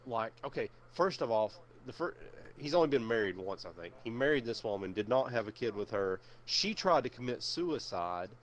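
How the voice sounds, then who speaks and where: A young man chatting on a stream, winding through a long story with constant fillers and swearing. His voice sits at an ordinary middle pitch, and he backtracks and restarts often. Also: expressive, moderate pace, hardly any pauses, a little hiss or hum. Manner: rambling, profane, many fillers. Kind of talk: casual chat.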